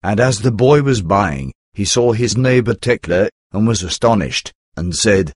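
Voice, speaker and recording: A man reads an old tale aloud in a low, measured voice. The recording is dry and close, with no room sound. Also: lively intonation, no room sound. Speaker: narrator. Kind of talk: scripted reading of an archaic text.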